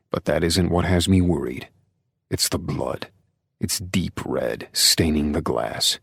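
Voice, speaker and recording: Deep gravelly male audiobook narrator. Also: dry recording, studio quality. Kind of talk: first-person audiobook narration.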